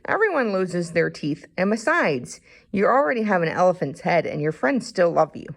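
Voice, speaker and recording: A woman voicing a small, anxious male mouse sidekick in a storybook reading, squeaky and fussy. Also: very animated, normal speed, vocal fry, full character voice. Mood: reassuring.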